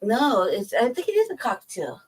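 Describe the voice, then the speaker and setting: A woman chatting casually on a podcast, telling animated, profane stories and laughing often. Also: a little high, moderate pace, breathy edge, recorded from a distance, rough recording. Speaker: podcast co-host. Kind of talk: casual storytelling chat.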